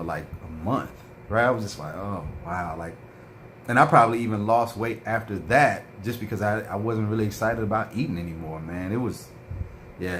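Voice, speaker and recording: Low-voiced man rambling on a vlog. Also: a bit bright, slight background noise. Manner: rambling storytelling with many fillers. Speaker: vlogger. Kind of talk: casual livestream chat reading viewer comments.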